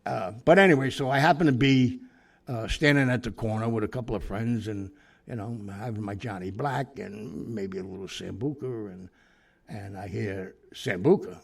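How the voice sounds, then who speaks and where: A man's voice: on the low side, normal speed, gravelly. A man casually telling a long anecdote, rambling with asides and self-corrections. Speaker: storyteller.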